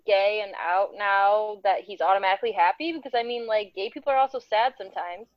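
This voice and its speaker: A woman's voice: medium pitch, a little fast, no echo. Giggly young woman on a dull mic. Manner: giggly, lots of "like", questioning. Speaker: podcast co-host. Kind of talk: casual chat.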